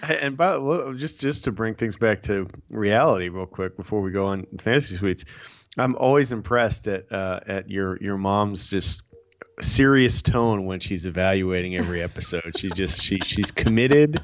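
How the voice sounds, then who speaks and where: Low-voiced man on a dull, dry line. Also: moderate pace, dry recording. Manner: conversational, hesitant restarts. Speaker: podcast guest. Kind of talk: casual podcast chat.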